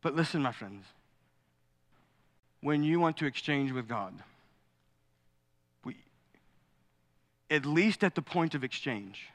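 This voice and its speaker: A middle-aged man preaching a sermon as pastor, animated and acting out quoted voices. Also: on the high side, slow pace, pauses often. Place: church sanctuary. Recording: long hall reverb.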